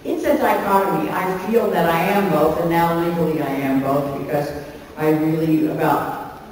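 A woman's voice: deep voice, normal speed, a little mellow. A woman in her sixties from Canada, a guest on a convention panel stage, answering audience questions in a candid, chatty way and laughing often as she talks. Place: large convention hall stage. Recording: echoey hall recorded from far off, faint hiss.

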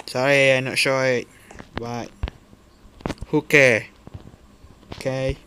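Slow-talking man with broken English. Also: medium pitch, flat delivery, pushed and bright, a little hiss or hum. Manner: broken, hesitant non-native English with fillers; talks to game characters, swears when frustrated. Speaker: gameplay commentator. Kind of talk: casual gameplay commentary.

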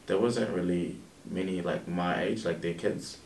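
A young man with a New Zealand accent and a very low voice chats easily as a podcast guest. He sounds a little far from the mic in an echoey room. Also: moderate pace, a little mellow, slight background noise. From Zimbabwe. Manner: laid-back, laughs often, trails off into fillers. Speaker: guest, clothing entrepreneur. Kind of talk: casual interview chat.

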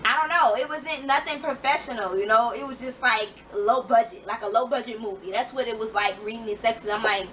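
A woman's voice: on the high side, a little fast, hardly any pauses, fairly bright tone, recorded from a distance, a little hiss or hum, low-quality recording. A woman ranting frankly about books in a casual reading wrap-up vlog, full of fillers and swearing. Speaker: book vlogger.

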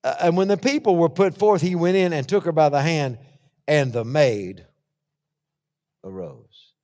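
A man preaching a sermon, swinging from hushed asides to shouted lists and acting out the voices he quotes. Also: on the high side, fairly quick. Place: church hall. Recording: long church-hall reverb.

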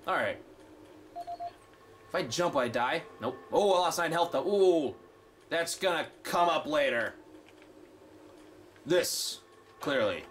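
Excitable profane man narrating his gameplay. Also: on the high side, slight background noise. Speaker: gameplay streamer. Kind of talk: let's play commentary.

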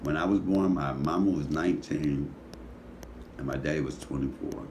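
A man's voice: rumbling low, moderate pace, a little mellow, a little hiss or hum. A middle-aged man with a Detroit accent, a comedian hosting his cooking show, rambling sleepily with profane comic stories. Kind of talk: casual talk to camera.

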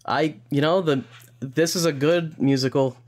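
A man's voice: on the high side, fairly even intonation, unhurried, a little mellow. A young man co-hosting a casual podcast, joking, swearing casually, with stumbling restarts. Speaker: podcast co-host.

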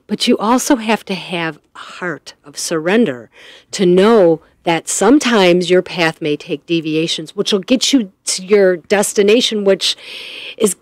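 A woman's voice: fairly low pitch, no echo. Earnest woman radio co-host, dry close sound. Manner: earnest, enthusiastic. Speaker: radio co-host and life coach. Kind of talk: casual talk radio chat.

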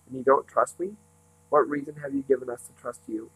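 A man reading a storybook aloud, voicing a smooth, menacing male villain who speaks blandly and condescendingly. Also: medium pitch, fairly even intonation, natural voice, rough recording. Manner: bland, condescending, slow and patronizing.

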